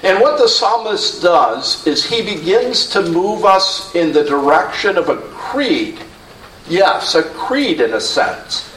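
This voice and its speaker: A man preaches a sermon in a slow, measured way, his voice sitting a bit high for a man. He sounds earnest and asks his listeners questions. He is caught from a distance in a roomy sanctuary with a faint hum behind him. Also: sing-song, fairly bright tone. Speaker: pastor. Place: church sanctuary.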